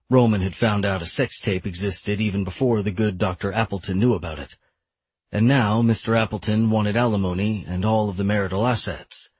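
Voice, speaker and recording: A low, husky man narrates a first-person audiobook with a wry, irritated edge. The sound is dry and close on a studio mic. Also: no echo.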